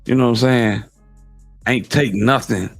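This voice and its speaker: A man's voice: medium pitch, steady tone, unhurried, vocal fry, dry recording, soft background music. A man in casual commentary, reacting to clips with slangy, incredulous asides.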